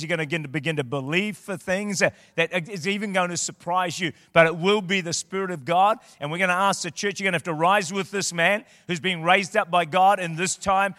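A guest preacher delivers an impassioned sermon in a church auditorium, his high voice sharp and intense. He drives his points home and rises to shouted declarations. The sound is clean studio quality, yet his voice rings with a long reverb through the hall.

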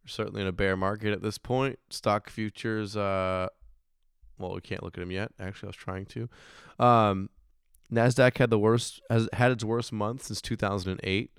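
A hoarse man in his thirties talks casually about stocks, rambling and restarting his sentences, with the odd curse thrown in. His voice sits fairly low and sounds smooth under the strain. The recording is close and dry. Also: steady tone, moderate pace, dry recording. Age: 30s. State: hoarse, recovering voice. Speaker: podcast host. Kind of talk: casual finance chat.

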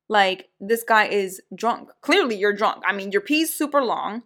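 Animated woman telling a story. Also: mid-range voice, moderate pace, few pauses. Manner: animated, acts out quoted voices. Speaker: podcast co-host. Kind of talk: casual storytelling chat.

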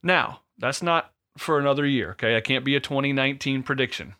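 A man's voice: mid-range voice, brisk, bright, forceful tone. A man in his thirties co-hosting a podcast, jokey and rambling in casual chat. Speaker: podcast co-host.

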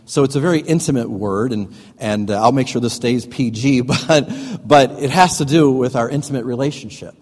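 A man's voice: medium pitch, normal speed, darkish tone, breathy edge, long reverb tail. A middle-aged male pastor preaching a sermon in a folksy, joking way, laughing at his own stories.

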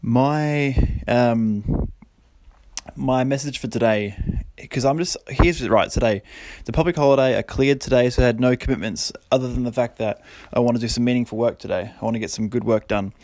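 With a darkish tone, medium pitch and moderate pace, a man in his thirties speaks on his own podcast with no room sound. He rambles casually alone, laughing often while being self-deprecating and motivational.

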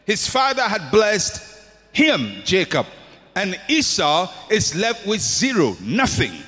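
A man's voice: high-pitched, wildly swooping pitch, slow, bright, forceful tone, husky, faint music behind. A man preaching a sermon with an impassioned, repetitive cadence in a church hall. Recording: long hall reverb.

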